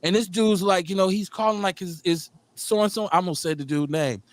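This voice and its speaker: A man's voice: sits high, fairly quick, dry recording. A man hosting a radio talk show with a Milwaukee accent, telling long stories and acting out the people in them. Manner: storytelling, animated, acts out the people in his stories. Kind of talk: casual chat.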